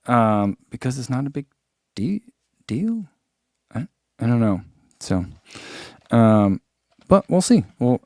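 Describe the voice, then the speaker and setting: A man's voice: medium pitch, a little mellow, no room sound, studio quality. A man who reviews running shoes, chatting casually through an unboxing and thinking aloud with lots of fillers.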